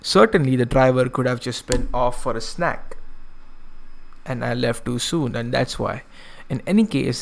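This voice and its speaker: A man's voice: mid-range voice, normal speed, gravelly. A man streaming, reading a visual novel aloud and breaking off for casual asides. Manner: casual asides, self-correcting.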